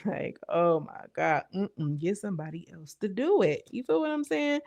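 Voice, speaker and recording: A woman's voice: mid-range voice, sing-song, moderate pace, creaky, hardly any pauses, darkish tone, no room sound. A young adult woman recapping a reality show in casual, slangy chat, full of asides to the viewer. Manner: chatty, slangy, retells scenes with lots of asides.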